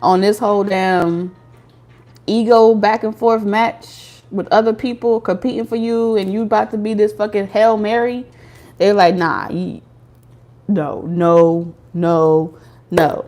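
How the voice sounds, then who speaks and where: A woman's voice: medium pitch, fairly even intonation, normal speed, mellow. A woman doing a casual tarot reading for viewers, talking bluntly with slang and profanity. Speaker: tarot reader.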